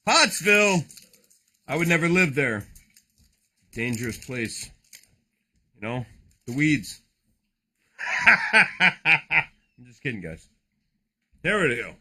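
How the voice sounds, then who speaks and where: Excitable profane man with a lively voice. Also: medium pitch, slow, pauses often. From New Jersey. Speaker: card-breaking streamer. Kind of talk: casual live card-opening chat.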